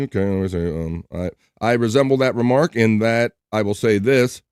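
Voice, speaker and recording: A man's voice: lowish voice, moderate pace, few pauses, darkish tone, smooth, no echo. A man hosting a live stream, chatting casually and reading viewer messages aloud in an upbeat way. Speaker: livestream host.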